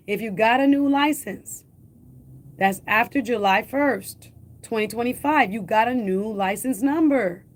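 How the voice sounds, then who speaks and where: Urgent and emphatic, this woman runs a talk radio show and speaks in a slightly high voice. Rhetorical questions, repeated key points, and direct appeals to listeners mark her delivery.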